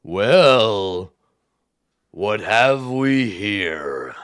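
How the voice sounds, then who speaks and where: A man voicing a huge male cyclops giant, with a booming, slow, drawn-out delivery. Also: very animated, a bit bright, smooth, no room sound, clean studio sound, heavily acted. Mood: curious.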